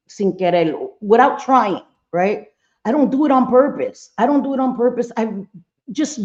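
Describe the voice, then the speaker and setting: A woman's voice: mid-range voice, dark tone, lo-fi sound. A middle-aged woman hosting a casual livestream, chatting bluntly with viewers, cursing freely and often trailing off mid-thought. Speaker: livestream host.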